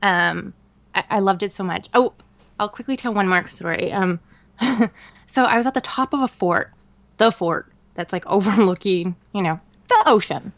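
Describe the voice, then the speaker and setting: A woman co-hosting a podcast, telling a travel story in a casual, animated way with many fillers and laughs. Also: medium pitch, moderate pace, dry recording. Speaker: podcast co-host. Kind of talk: casual chat.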